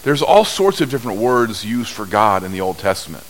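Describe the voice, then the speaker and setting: A man preaching a sermon, telling stories at an unhurried pace with big swings in pitch and loudness. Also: very animated, low-quality recording. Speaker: pastor.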